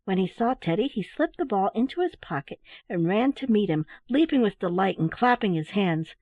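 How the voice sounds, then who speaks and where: A woman narrating a children's bedtime story in a gentle, expressive reading voice. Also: mid-range voice, moderate pace, no room sound. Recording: dry, phone-like narrow sound.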